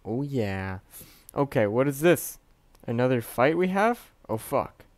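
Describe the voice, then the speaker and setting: Excitable young man narrating gameplay. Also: mid-range voice, unhurried, no room sound. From Canada. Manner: excitable, swearing, swings between mumbling and yelling. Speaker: gaming youtuber. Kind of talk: casual gameplay commentary.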